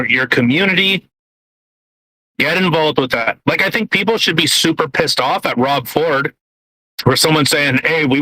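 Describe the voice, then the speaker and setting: A man's voice: a little high, bright, forceful tone, no echo, rough recording. A man co-hosting a podcast, rambling through casual political chat with lots of fillers, restarts and blunt swearing. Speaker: podcast co-host. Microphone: podcast mic, eating while talking.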